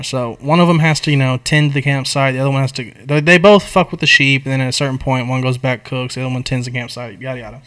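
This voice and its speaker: Young man swearing through a story. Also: mid-range voice. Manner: animated, profane storytelling with slang. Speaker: podcast co-host. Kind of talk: casual chat, retelling a movie plot.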